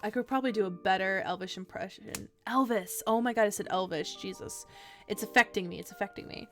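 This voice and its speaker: Young female streamer, casual and bubbly, gushes and giggles through fillers, soft music bed. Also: mid-range voice, fast. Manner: gushing and giggly, rambling with fillers. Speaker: streamer reviewing trading cards. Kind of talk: casual chat.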